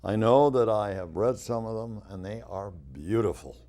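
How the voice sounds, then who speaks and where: A man hosting an interview, speaking in a measured, admiring way to his guest. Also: lowish voice, mellow. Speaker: host.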